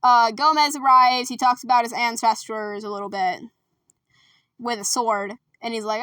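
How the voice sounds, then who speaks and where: Fast-rambling, jokey young woman. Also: fairly high pitch, animated, a bit bright, dry recording, far from the mic. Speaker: vlogger recapping her school musical. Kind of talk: casual chat.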